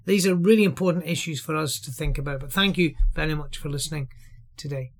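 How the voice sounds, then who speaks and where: A man's voice: on the high side, fast talker. A man giving an earnest, explanatory Bible teaching for a podcast, sermon-style.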